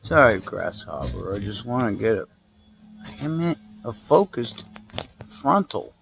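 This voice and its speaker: A man's voice: on the low side, sing-song, unhurried, gravelly, fairly bright tone, slight background noise. A man filming outdoors by his car, muttering aloud to the animals and to himself while he shoots on a handheld camera. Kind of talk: casual self-talk while filming.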